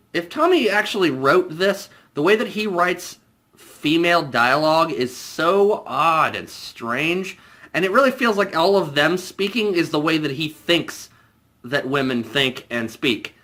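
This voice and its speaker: A young man casually reviewing a movie, animated and jokey, putting on voices for the characters. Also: fairly high pitch, unhurried.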